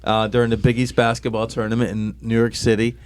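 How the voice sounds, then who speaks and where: A man's voice: medium pitch, little pitch movement, quick pace, a little mellow, clean tone, dry recording. A man from co-hosting a casual sports podcast, telling stories and acting out the people in them. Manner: storytelling, acts out quoted voices, laughs while telling. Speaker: podcast co-host.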